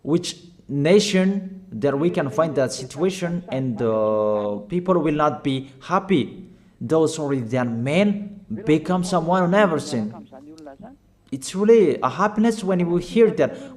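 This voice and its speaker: A man's voice: fairly high pitch, a little mellow. A man preaching a sermon in non-native English with grammar slips, delivering urgent, emphatic exhortations and repeating his commands.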